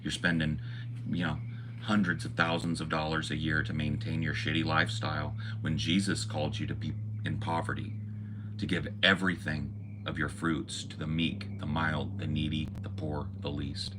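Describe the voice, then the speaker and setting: Deep-voiced man on a profane rant. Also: flat delivery, moderate pace, background noise. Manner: ranting, preachy, profane. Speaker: podcast host. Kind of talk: impassioned monologue.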